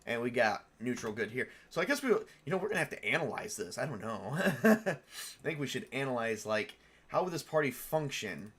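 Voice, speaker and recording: This husky, mid-range male voice is very animated and brisk, with a fairly bright tone. He's hosting a relaxed live stream where he creates tabletop game characters, musing out loud, laughing frequently, fixing his own slips, and responding to viewer questions.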